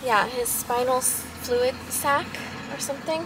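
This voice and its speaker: A woman's voice: high voice, a little slow, background noise. A young woman vlogging casually to camera, chatty and rambling, a little out of breath. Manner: chatty, rambling, frequent laughs.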